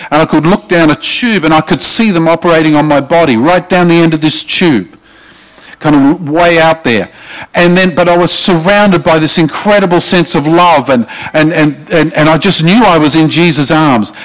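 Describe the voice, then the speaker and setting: Aussie pastor guy, fairly high voice, preaching hard, keeps asking the crowd stuff. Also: normal speed, rough recording. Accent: Australian. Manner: emphatic preaching, asks the congregation questions. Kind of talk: sermon.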